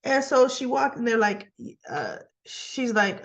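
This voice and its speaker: Slow-talking woman recapping soap episodes. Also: on the high side, expressive, muffled recording. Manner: chatty, often asks "right?" and acts out quoted lines. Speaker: soap opera reviewer.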